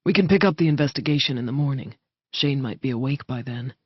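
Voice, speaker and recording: A woman reading voicing a gruff male wolf-shifter soldier who talks bluntly and swears, on a slightly muffled recording. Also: rumbling low, fast, no echo, voice pushed down.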